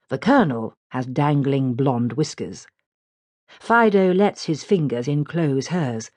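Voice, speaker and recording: Low-voiced woman narrating an audiobook. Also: lively intonation, slow pace, darkish tone, no echo. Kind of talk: scripted literary narration.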